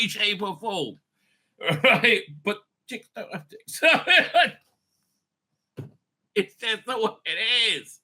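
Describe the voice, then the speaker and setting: A man's voice: sits high, very animated, very slow, pauses often, pushed and bright. A man hosting his own online show, rambling in a loose, profane, laughing commentary style. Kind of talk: casual ranting commentary.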